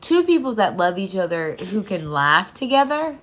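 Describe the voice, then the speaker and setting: A woman's voice: medium pitch, very animated, normal speed. A woman in her thirties co-hosting a podcast in casual chat, laughing often and swearing freely. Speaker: podcast co-host.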